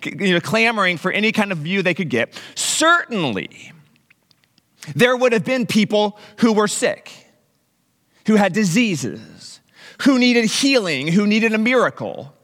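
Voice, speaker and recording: Animated male pastor in a reverberant hall. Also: sits high, a little slow. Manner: animated, conversational preaching with asides. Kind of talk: sermon.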